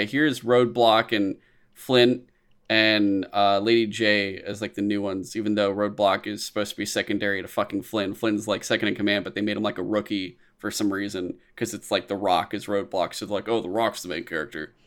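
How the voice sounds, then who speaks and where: A man co-hosting a podcast in casual chat, loose and profane, now and then jumping into shrill mock voices. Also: a bit bright. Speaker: podcast co-host.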